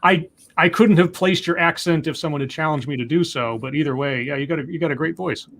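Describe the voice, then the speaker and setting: A man's voice: a little high, quick pace, fairly bright tone. A man hosting a live call-in stream, chatting casually and joking, with lots of fillers and restarts. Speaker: livestream host.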